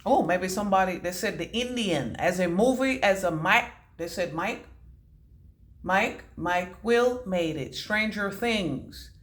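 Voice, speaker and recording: A woman's voice: lowish voice, lively intonation, slow. Rambling woman giving a psychic reading. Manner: rambling, scattered, swears casually. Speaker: intuitive reader. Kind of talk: casual psychic reading to camera.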